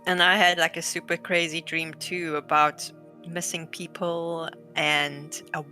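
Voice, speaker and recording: A woman playing a tabletop game over voice chat, speaking in a drawn-out, hesitant way. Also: on the low side, level tone, pushed and bright, soft background music. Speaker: player. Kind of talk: casual play over voice chat.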